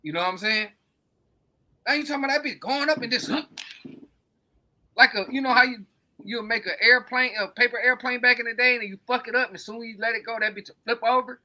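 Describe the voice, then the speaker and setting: A man's voice: very high-pitched, fairly even intonation, quick pace, sharp tone. A man co-hosting a podcast, rambling in casual, profane, emphatic chat. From coastal United States. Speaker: podcast co-host.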